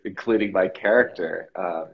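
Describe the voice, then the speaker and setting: Deep gravelly man telling his story. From United States. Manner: reflective, halting, many fillers. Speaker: interview guest. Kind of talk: personal storytelling in an interview. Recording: dull lo-fi sound.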